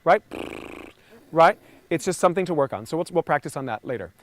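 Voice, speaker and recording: A man coaching a group outdoors through a vocal warm-up. He is encouraging and energetic, and he calls out sounds loudly. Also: fairly high pitch, brisk, no echo. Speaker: voice and communication coach. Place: outdoors near trees and a lake.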